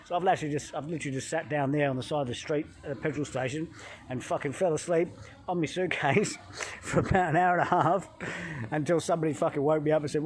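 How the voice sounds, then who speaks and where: By a hotel pool, a middle-aged man from England holds up his phone and animatedly tells a travel story, cursing along the way. He is a health coach vlogger, and his pitch sits fairly high.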